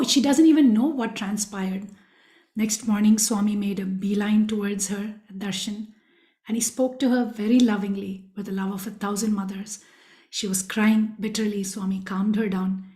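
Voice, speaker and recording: A woman's voice: medium pitch, normal speed, mellow. Earnest woman telling stories, echoey room. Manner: earnest, addresses listeners directly. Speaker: devotional speaker. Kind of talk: storytelling talk.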